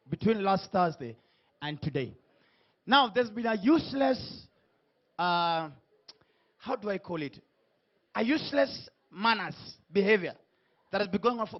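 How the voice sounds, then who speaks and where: A man hosting a comedy talk show, teasing guests and shouting hype lines to the live crowd. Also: high-pitched, lo-fi sound. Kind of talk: comic stage hosting before a live audience.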